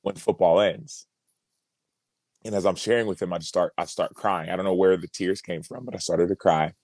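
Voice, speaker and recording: Deep-voiced man telling a personal story. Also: fairly even intonation, normal speed, darkish tone, no echo. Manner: earnest, reflective, repeats words as he builds. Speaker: podcast guest, former pro football player.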